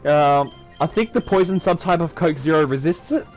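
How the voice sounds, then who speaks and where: A man's voice: fairly high pitch, normal speed, a little mellow, soft background music, poor audio. A man doing casual let's-play commentary on a video game, chatty and self-mocking. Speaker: gaming YouTuber.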